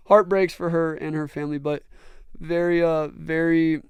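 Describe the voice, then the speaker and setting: An earnest young man tells stories in a casual podcast chat, often restarting his sentences. His voice is very smooth and resonant, with a slightly high pitch. It sounds dry and close to the mic. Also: little pitch movement, moderate pace, dry recording. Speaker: podcast host and brand owner.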